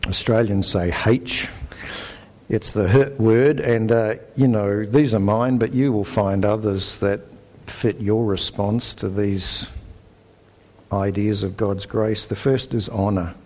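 A man with a New Zealand accent delivers a sermon in a somewhat low voice. He is earnest and emphatic, reading scripture aloud and pressing each point home. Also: fairly even intonation, measured pace, a little mellow. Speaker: pastor.

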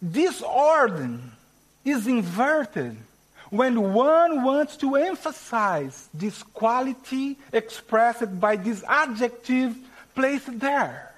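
A man with a Portuguese accent, a native Portuguese speaker, preaching a sermon in slow, emphatic teaching style. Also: very high voice, sing-song, low-quality recording. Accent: Brazilian Portuguese.

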